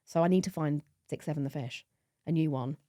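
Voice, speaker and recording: A woman's voice: low-pitched, a little fast, warm tone, no room sound, clean studio sound. A woman in her thirties hosting a podcast, telling a story in casual chat and swearing freely. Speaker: podcast host.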